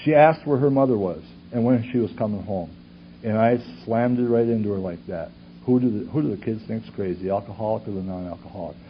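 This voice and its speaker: A man's voice: fairly low pitch, fast talker. Earnest man testifying on a lo-fi tape. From Superior, Wisconsin. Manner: earnest, rhetorical questions, swings from loud to hushed. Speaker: conference speaker sharing his story. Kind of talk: personal testimony talk. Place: conference hall with audience. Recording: dull lo-fi tape recording with faint hiss.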